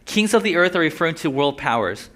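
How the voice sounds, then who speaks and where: A man's voice: a little high, very animated, fast talker, pushed and bright. A young man preaching a sermon in a loose, conversational way, with a slight lisp from a sore tongue, breaking into joking asides. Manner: conversational, joking asides, voices inner thoughts.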